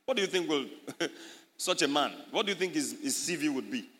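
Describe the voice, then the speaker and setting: A man preaching an animated sermon as a pastor, his voice rising loud on key points. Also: on the high side, fairly quick, long reverb tail.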